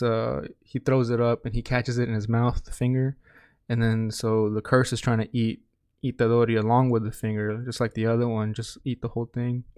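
A man talks through an anime episode in a loose, rambling way, with a flat, even delivery. His voice is mellow and smooth, recorded dry and close with no room sound. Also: medium pitch, no echo. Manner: rambling, many restarts and fillers. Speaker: anime reviewer. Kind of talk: casual episode recap.

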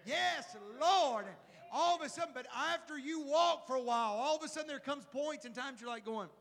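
High-voiced preaching man, echoing hall. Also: fairly quick. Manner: animated preaching with rhetorical questions. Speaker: pastor. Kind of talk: sermon. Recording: long hall reverb.

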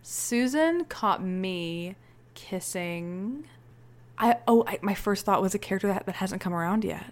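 A woman co-hosting a podcast in casual chat, excitable and laughing often, swearing freely. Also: mid-range voice, a little slow. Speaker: podcast co-host.

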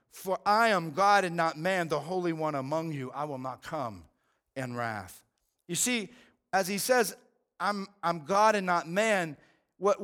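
A high, fairly bright male voice delivers a pastor's sermon. The preaching is earnest and conversational, with words often repeated as he goes.

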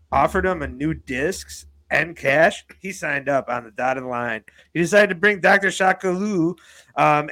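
A man in loose comedic chat who talks up a made-up character with mock hype and crude jokes. His voice sits a little high for a man. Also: sharp tone. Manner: mock-hyped, jokey pitch of an invented character.

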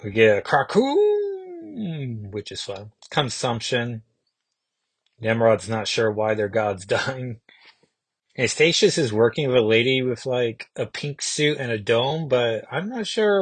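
A man's voice: mid-range voice, moderate pace, slightly rough, no echo. A man hosting a comic book podcast, recapping an issue in a casual, musing way and thinking aloud with small restarts.

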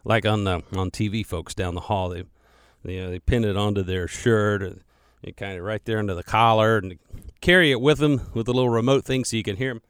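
A man's voice: fairly low pitch, fairly quick, smooth, no room sound. A man producing a radio show, chatting casually and digressing as he records a podcast alone in the studio. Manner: chatty, digressive, self-deprecating, repeats words. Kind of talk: rambling casual monologue. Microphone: studio microphone.

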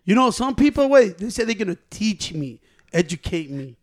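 Young male co-host with a very high voice, spinning profane, laugh-filled stories in loose chat. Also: moderate pace. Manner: animated, profane, laughs often while telling stories. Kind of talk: casual storytelling among friends.

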